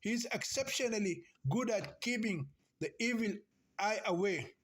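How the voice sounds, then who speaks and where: A man reading the lines of an older aunt in a novel, superstitious, bossy and caring, in a slow and earnest delivery. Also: sits high, lively intonation, fairly bright tone. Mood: insistent.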